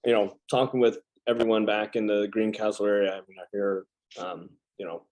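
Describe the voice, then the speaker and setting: A man's voice: fairly low pitch, level tone, a little fast, a little mellow, poor audio. A man hosting a casual chat, telling stories in a rambling, easy manner. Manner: chatty, rambling, lots of fillers and restarts. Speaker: podcast host and veteran.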